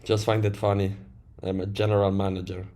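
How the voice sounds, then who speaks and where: A man's voice: lowish voice, little pitch movement, fairly quick, mellow. Blunt, casual livestreaming man. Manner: blunt, swears casually, answers chat directly. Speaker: livestream trader. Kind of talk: casual livestream chat reading viewer comments.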